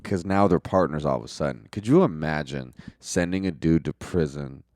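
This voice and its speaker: A young man with a deep, low voice rambles through a movie plot in a loose, profane way, leaning on "like" and chuckling at his own jokes. It sounds close and dry, with no room around him. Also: expressive, moderate pace, darkish tone, no echo. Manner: loose and profane, heavy use of "like". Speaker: movie reviewer. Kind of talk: casual movie recap.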